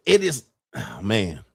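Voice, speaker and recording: A man hosting a casual commentary show, talking bluntly and profanely, laughing often and rising into animated disbelief. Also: on the low side, slow pace, creaky, breathy edge, no room sound, studio quality. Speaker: podcast host.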